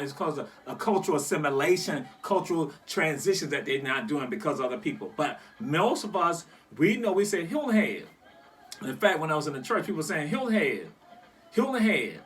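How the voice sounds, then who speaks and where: A man from the South Carolina Lowcountry talking casually about local sayings, animated and teasing, repeating words for emphasis and laughing often. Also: recorded from a distance. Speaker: cultural commentator.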